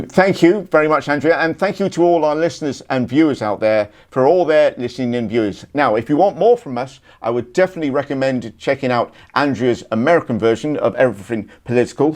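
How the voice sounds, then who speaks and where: A man's voice: medium pitch, a little mellow. A British man co-hosting a casual political chat, joking and wry. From United Kingdom. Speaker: podcast co-host.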